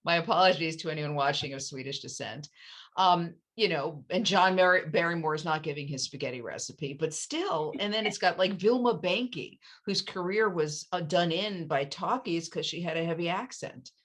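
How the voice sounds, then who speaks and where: Brief: woman, author, chatty and animated, slightly low voice, lots of ums. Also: moderate pace. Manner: chatty, animated, with many fillers and restarts. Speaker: author and interviewer.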